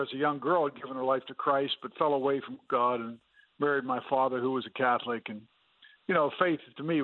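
A man's voice: medium pitch, no room sound. A man earnestly telling his personal testimony as a guest in a radio interview, with fillers and restarts. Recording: dry, phone-like radio line.

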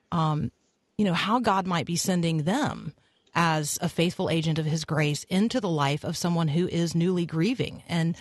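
A man's voice: a little high, no room sound. A man hosting a radio interview, asking long questions with frequent ums. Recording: dry close mic.

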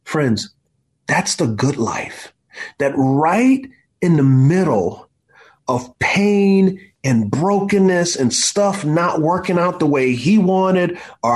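A man in his forties, an author being interviewed, telling stories in an emphatic, preacher-like way and often saying "man". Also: on the high side. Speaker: author and guest. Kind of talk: impassioned storytelling in an interview.

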